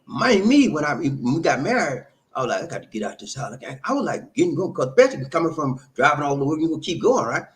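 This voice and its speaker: A man's voice: on the high side, fast talker, hardly any pauses. Chatty middle-aged man giving relationship advice. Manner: animated, loose, conversational, laughs often, repeats himself. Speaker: host answering viewer comments. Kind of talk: live-stream relationship advice talk.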